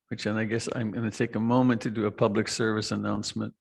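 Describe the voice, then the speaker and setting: A middle-aged man giving a reflective meditation talk, slow and soft, with long pauses and trailing lines. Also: lowish voice, creaky, husky. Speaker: meditation teacher. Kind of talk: dharma talk.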